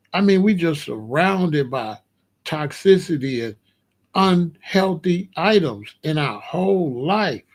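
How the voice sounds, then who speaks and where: Guy chatting casual and slangy, kinda high voice, gets worked up. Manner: slangy, emphatic, animated disbelief. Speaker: vlogger. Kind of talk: casual monologue to camera.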